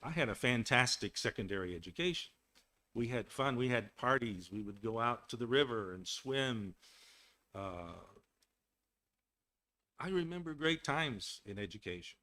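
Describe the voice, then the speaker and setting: An older man from Texas, but with no regional accent, speaks casually over a video call. His tone is bright and forward, and he wanders through his points with repeated words and restarts. A nagging throat makes him clear it from time to time. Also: mid-range voice, animated, normal speed, long pauses. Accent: none, general American. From Texas, United States. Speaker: webinar guest speaker. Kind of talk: casual lecture.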